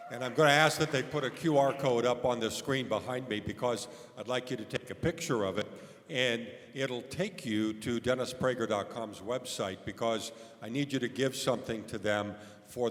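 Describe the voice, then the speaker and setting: A male radio host speaking earnestly and directly to a live crowd, his voice a plain middle pitch. The sound carries the long reverb of a large event hall. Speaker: radio host making a donation appeal. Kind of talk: live address to an audience.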